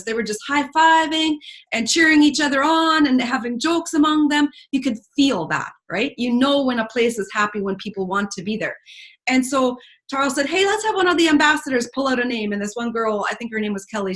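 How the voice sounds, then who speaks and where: A woman's voice: fairly high pitch, a bit bright. A woman telling an emotional story to a group in an earnest, talkative way, with many fillers. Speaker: speaker at a team retreat.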